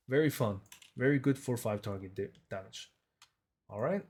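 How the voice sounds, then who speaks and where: A man's voice: mid-range voice, animated, normal speed, long pauses, a little mellow, husky. A man giving a casual, chatty gameplay tutorial, upbeat and loose, throwing in playful sound effects as he explains. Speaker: game guide creator.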